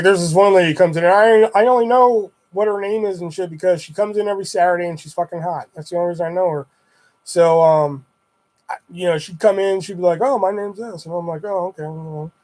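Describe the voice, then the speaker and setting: A young adult man swapping stories on a casual livestream, his voice sitting a little higher than most men's. He rambles along in a loose, laid-back way and swears freely as he goes. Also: steady tone, a little fast, a little mellow. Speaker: streamer.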